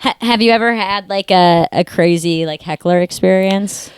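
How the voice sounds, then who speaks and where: A woman's voice: medium pitch, normal speed, clear, resonant tone, dry recording. A woman co-hosting a casual podcast, chatty and teasing, with loose phrasing full of "like". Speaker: podcast co-host.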